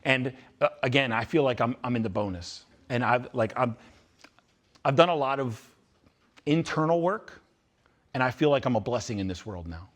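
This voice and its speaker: This is a live motivational talk with Q&A: a man with an expressive, mid-range voice speaks at a moderate pace to students at a youth retreat. Blunt and intense, he restates his points for emphasis before a live audience in a spacious indoor room.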